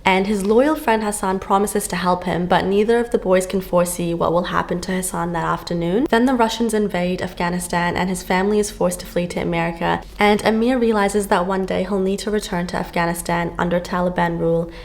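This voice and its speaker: A woman's voice: on the low side, fairly even intonation, a little fast, few pauses. A woman book vlogger chatting casually to camera, gushing and full of fillers, filmed at home on a camera on a stand.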